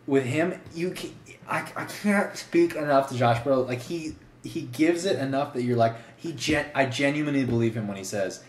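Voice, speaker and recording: A man's voice: mid-range voice, normal speed, slight background noise. A man co-hosting a casual podcast, rambling enthusiastically with many restarts. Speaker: podcast co-host. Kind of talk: casual chat. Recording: echoey room with faint ambience.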